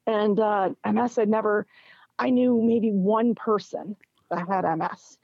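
A middle-aged woman, a guest in a casual interview, tells a personal story at a measured pace in a creaky, mid-range voice. She's animated, acting out what others said and laughing as she quotes them. The recording is dull, dry, lo-fi, and has no echo.

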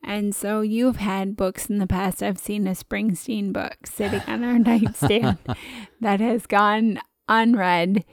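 Chatty woman cohost, a bit of vocal fry, laughs a lot, dry close sound. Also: medium pitch, slow, no echo. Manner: chatty and expressive, with frequent laughs. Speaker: podcast co-host. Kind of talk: casual conversation.

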